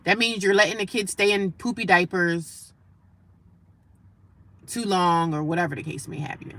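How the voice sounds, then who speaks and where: A woman livestreaming casual talk from her daily life, animated and emphatic, repeating her points and breaking off to greet passersby. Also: on the low side, normal speed. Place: homeless shelter area.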